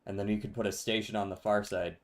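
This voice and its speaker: A man with a fairly low voice talks his way through a building game on stream. His delivery is loose and conversational, answering chat as he plays. He laughs easily and keeps a relaxed tone. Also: fast. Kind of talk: casual gameplay commentary.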